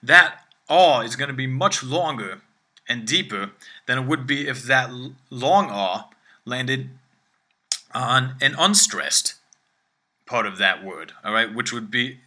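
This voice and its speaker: Man, language teacher, very bright voice, explains at length and keeps checking in with the listener. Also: mid-range voice, animated, unhurried. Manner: explanatory, frequent "all right?" check-ins. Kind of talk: video language lesson. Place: room with phone ringing behind.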